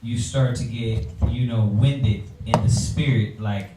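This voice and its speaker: A man's voice: lowish voice, unhurried. A man teaching in a religious group discussion, preachy and playful, acting out quoted lines. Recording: roomy sound from a distant mic, faint noise.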